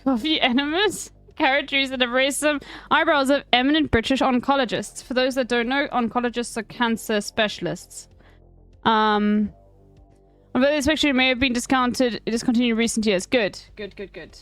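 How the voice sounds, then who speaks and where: A South African woman streamer reading an article aloud in casual chat, breaking off with wry, swearing asides and halting restarts. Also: on the high side, steady tone, fairly bright tone, faint music behind.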